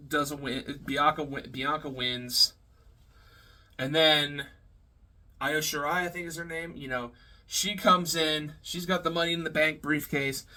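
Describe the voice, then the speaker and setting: A man with a fairly high, very bright voice rambles through a casual review. He swears often, backtracks and fills gaps with "like" and "you know.". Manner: rambling, profane, frequent fillers and laughs. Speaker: wrestling reviewer.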